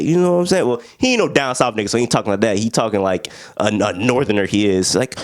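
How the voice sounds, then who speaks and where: A man's voice: mid-range voice, lively intonation, brisk. A young man giving a casual, slangy film review. He is sleepy and a little sick, and he acts out the characters he quotes.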